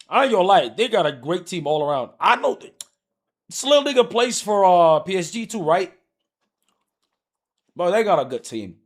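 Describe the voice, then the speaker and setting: A man live streaming, ranting heatedly and profanely about soccer, repeating himself as he argues with his chat. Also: high voice.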